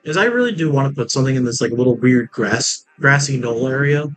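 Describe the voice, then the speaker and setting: A man's voice: mid-range voice, expressive, brisk, rough recording. A man giving casual, rambling commentary while he plays a theme park building game, joking and laughing at his own jokes. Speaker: let's play gamer.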